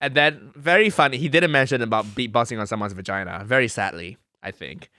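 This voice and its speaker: A man chatting casually as a podcast co-host, with dry teasing and deadpan asides. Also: mid-range voice, a little fast, dry recording. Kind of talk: casual chat.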